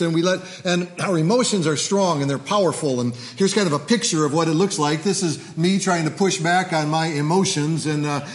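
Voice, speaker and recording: A male pastor preaching a sermon in a church, speaking in a somewhat high voice. He repeats key phrases, leads call-and-response with the congregation, and fills pauses with "uh". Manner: repetitive, call-and-response, frequent "uh" fillers.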